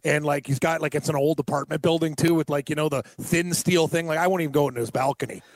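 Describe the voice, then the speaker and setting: A man from Canada chats easily, laughing a lot and poking fun at himself as he talks. His voice is a touch high for a man, and the sound is dry and close to the mic. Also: fairly even intonation, fast, dry recording. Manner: laughs often, self-deprecating, uses "like" a lot. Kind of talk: casual chat.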